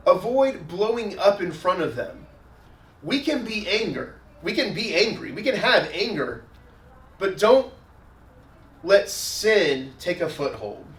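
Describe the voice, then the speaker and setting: A man's voice: on the high side, a bit bright, recorded from a distance. Conversational male pastor, echoey sound. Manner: conversational preaching, repeats "again", everyday scenarios. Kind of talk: sermon. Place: church sanctuary. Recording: echoey room, voice from afar.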